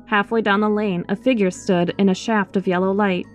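A woman reading a first-person horror story aloud in an expressive, scripted storytelling voice, with faint music behind her. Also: mid-range voice, moderate pace.

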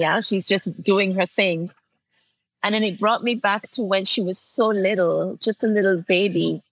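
A woman in her forties from Antigua talks through her memories in an Antiguan accent, sincere and openly emotional, laughing as she goes. Her voice sits a little low. The sound is dry and close, with no room around it. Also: a bit bright, dry recording, low-quality recording. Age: 40s. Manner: heartfelt storytelling, laughs often. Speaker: guest. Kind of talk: interview conversation.

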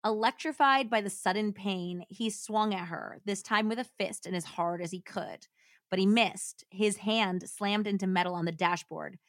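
A woman podcaster with a medium-pitched voice and moderate pace dramatizes a true crime account, voicing each quoted line and stepping away to banter and joke. The clean studio sound has no room sound.

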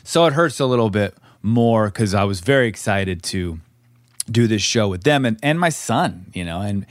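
A man's voice: lowish voice, animated, moderate pace, no room sound, clean studio sound. A middle-aged man co-hosting a podcast, chatting candidly and rambling with frequent restarts. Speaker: podcast co-host, actor. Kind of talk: casual podcast chat.

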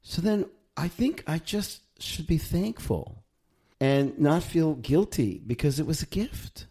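Mellow-voiced man reflecting as a guest. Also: a little high, animated, slow, breathy edge. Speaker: rabbi and author guest. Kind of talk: conversational interview.

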